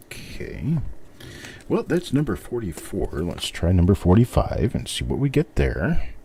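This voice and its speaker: A middle-aged man hosts a casual live stream, rambling and thinking aloud as he talks. His voice is very deep and mellow, with a faint hiss of noise behind it. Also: huge pitch swings, normal speed. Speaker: host.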